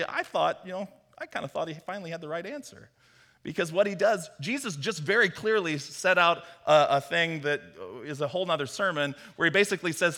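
A man preaching a sermon, telling a parable with animated storytelling and bits of acted dialogue. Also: fairly high pitch. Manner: animated storytelling, acts out Peter's voice. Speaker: pastor. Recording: long hall reverb.

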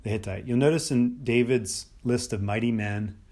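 A middle-aged American man with a mid-range, dark-toned voice teaches on the Bible at a normal pace. It's a loose, unscripted podcast talk where he thinks aloud, restarting often and leaning on fillers.

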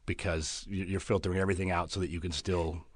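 Deep-voiced man rambling through theories. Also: little pitch movement, no room sound. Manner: rambling, halting explanations with restarts. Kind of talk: casual chat.

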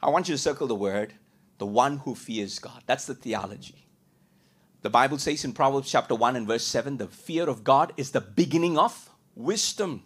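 A man preaching a sermon as a pastor, asking rhetorical questions and repeating points, moving between loud emphatic lines and quiet ones. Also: medium pitch, normal speed, husky.

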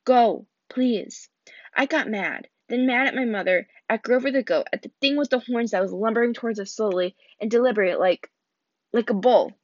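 A woman's voice: on the high side, normal speed, no echo. A woman reading a novel aloud and voicing its characters, with frequent restarts and slips as she reads. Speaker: reader. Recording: dull lo-fi recording.

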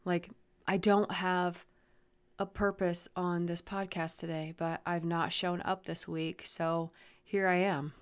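A woman hosting her own podcast, rambling and swearing, moving from flat musing into heated ranting. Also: on the low side, takes it slowly, smooth. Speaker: podcast host. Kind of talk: solo podcast rant.

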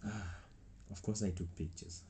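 A man's voice: fairly low pitch, steady tone, unhurried, mellow, a little hiss or hum. A young man casually telling a rambling travel story. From South Africa. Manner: rambling, with many restarts and acted-out quotes. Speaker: travel vlogger.

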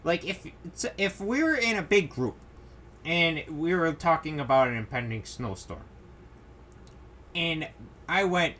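A young man rants on his own podcast with a lively voice that swings up and down. He sits a little high for a man and talks in an exasperated, profane way, mocking the people he complains about. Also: measured pace, pauses often, slight background noise. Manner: exasperated ranting, swearing, mocking quoted people. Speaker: podcast host. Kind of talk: solo podcast rant.

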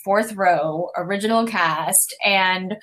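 A woman's voice: mid-range voice, slow, fairly bright tone, a little hiss or hum. A woman who programs theater seasons, talking casually in an interview and telling stories with lots of fillers. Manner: chatty storytelling, many "you know" fillers.

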